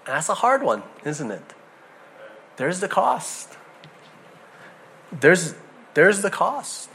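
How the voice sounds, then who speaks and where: A middle-aged man preaching a sermon, telling a personal story in a conversational, animated way with frequent restarts. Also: high-pitched, takes it slowly, creaky, a little hiss or hum. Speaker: pastor.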